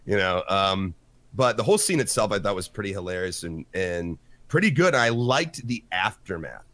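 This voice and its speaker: Animated man chatting on a podcast. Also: sits low, moderate pace, dry recording. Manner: animated, acts out quotes with lively swings. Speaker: podcast co-host. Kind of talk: casual chat.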